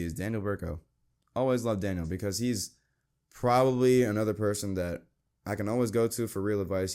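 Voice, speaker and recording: Earnest young man hosting a faith podcast. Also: darkish tone. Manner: earnest, conversational, quotes scripture, mimics friends in a high voice. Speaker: podcast host. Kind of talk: casual Christian podcast talk.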